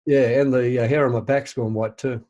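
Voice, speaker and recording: A man's voice: medium pitch, steady tone, a little fast, darkish tone. Older man, rambling podcast chat. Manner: rambling, hesitant, laughing easily. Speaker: podcast co-host. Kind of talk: casual chat.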